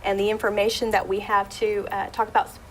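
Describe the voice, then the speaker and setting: A woman audiologist talking as a guest on a local talk show, chatty, with many fillers and restarts, and animated when retelling a story. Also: mid-range voice, fast talker, a little hiss or hum, poor audio.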